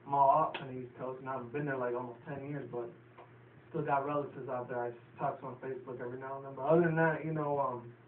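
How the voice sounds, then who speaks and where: A man's voice: mid-range voice, fairly even intonation, fast talker. A man from New York City casually recapping a cartoon episode, rambling with lots of fillers and swearing. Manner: profane, filler-heavy, chatty. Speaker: show reviewer. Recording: tinny, roomy, distant, faint hiss.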